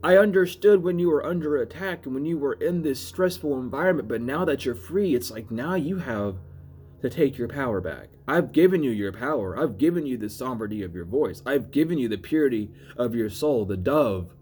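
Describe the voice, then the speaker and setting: A man giving a casual spiritual reading to camera, rambling and cursing, swinging between loud urging and low asides. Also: expressive, fairly quick, soft background music. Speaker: spiritual reader.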